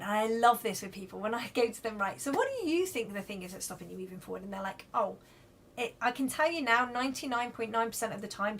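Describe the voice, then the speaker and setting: A woman's voice: fairly high pitch, fairly bright tone, a little hiss or hum. A woman giving live card readings to viewers in a chatty, reassuring way, checking in often with "okay?" and "right?". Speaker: card reader.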